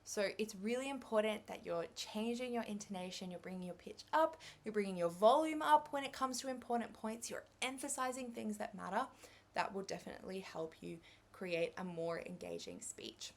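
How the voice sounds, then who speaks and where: A woman's voice: mid-range voice, expressive, normal speed, gravelly. A young Australian woman giving a revision lecture on English exam skills, chatty and upbeat, with light laughs.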